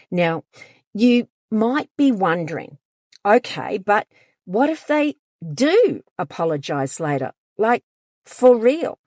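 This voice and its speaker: A woman's voice: low-pitched, no echo, studio quality. A woman counsellor talking directly to her audience in an emphatic advice monologue, sometimes acting out quoted lines. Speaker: counsellor and channel host.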